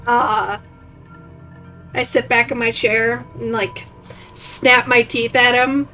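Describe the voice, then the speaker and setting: A woman's voice: a little high, flat delivery, slow pace, long pauses, pushed and bright, soft background music, low-quality recording. A woman playing a tabletop game, teasing and blunt in her talk. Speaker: player. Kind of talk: casual tabletop play.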